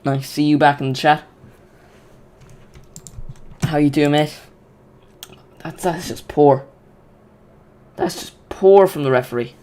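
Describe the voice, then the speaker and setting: A man hosting a live football watch-along, chatty and excitable, often restarting his sentences. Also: on the high side, slow pace, pauses often.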